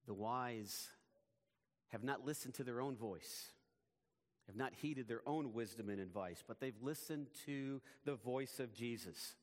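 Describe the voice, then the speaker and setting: A man preaching a sermon as pastor, in a measured, emphatic way, his phrases often falling away at the ends. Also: medium pitch, long reverb tail.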